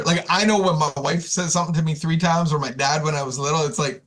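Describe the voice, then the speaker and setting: A man's voice: a little high, fairly even intonation, fast, few pauses, fairly bright tone. A man giving an informal spiritual talk to a recovery community, conversational, often repeating words and restarting. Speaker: speaker sharing at a recovery community.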